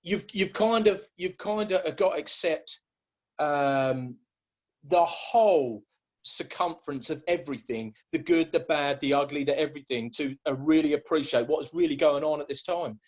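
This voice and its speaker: Rambling man with a higher voice. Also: moderate pace, lo-fi sound. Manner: rambling, with many restarts and repeated words. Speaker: guest. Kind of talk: casual conversation.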